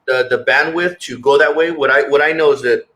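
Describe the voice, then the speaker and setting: A man's voice: a little high, brisk, a bit bright, rough recording. A man speaking as a guest in a candid interview, earnest and reflective, often repeating words as he searches for his thoughts.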